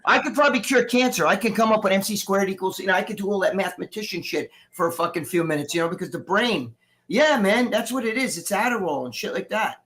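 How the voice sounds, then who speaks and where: Recovering from surgery, a middle-aged man joins a live stream as a guest and rambles through a heated rant packed with swearing. He speaks in a high, animated voice at a quick pace, the tone fairly bright.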